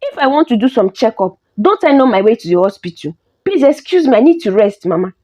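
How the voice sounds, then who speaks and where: A woman doing a shrill scheming young wife. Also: sing-song, fairly quick, dark tone. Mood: snappish. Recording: dull lo-fi recording.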